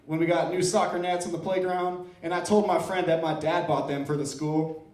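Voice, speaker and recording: Self-deprecating comedian in a roomy club. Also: male voice, a little high, level tone, moderate pace, a little mellow, far from the mic. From Iowa. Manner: self-deprecating, playful crowd work. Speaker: stand-up comedian. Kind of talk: open-mic stand-up set.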